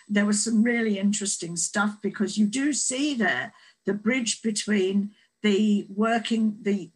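Husky woman telling a reflective story. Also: medium pitch, poor audio. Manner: hesitant, with many restarts and a wry humour. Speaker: author and guest speaker. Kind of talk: reflective storytelling in an online talk.

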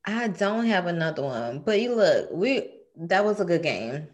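A woman's voice: fairly low pitch, sing-song, measured pace. A woman co-hosting a casual chat, playful and laughing often. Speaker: podcast co-host.

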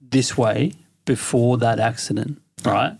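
A man's voice: medium pitch, steady tone, slow, creaky, a little mellow, breathy edge, no echo. A man hosting a podcast, asking questions in a casual, swearing manner with short reactions. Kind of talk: casual interview chat.

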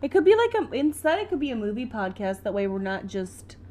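A woman's voice: fairly high pitch, sing-song, a little fast, a little mellow, a little hiss or hum. A woman co-hosting a podcast in casual chat, laughing often. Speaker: podcast co-host.

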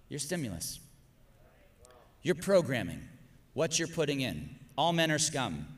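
A man, a pastor, preaching a sermon, pressing his listeners to answer and swinging from loud exhortation to hushed, soft lines. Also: on the high side, sing-song, measured pace, long pauses. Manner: calls on the congregation to answer.

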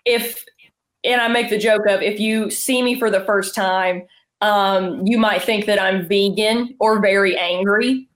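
A woman's voice: medium pitch, fairly even intonation. A woman comedian with a Southern US accent, telling stories and joking in a casual video-call chat. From Southern United States. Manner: joking, storytelling, quick asides. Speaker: stand-up comedian, guest.

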